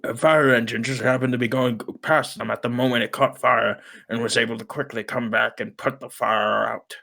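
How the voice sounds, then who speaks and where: A podcast co-host with a mid-range, gravelly voice that sounds pushed and bright tells a story at a moderate pace with fairly even intonation. He sustains a mock British accent in this casual show and hums little "pa pa pa" fillers between sentences.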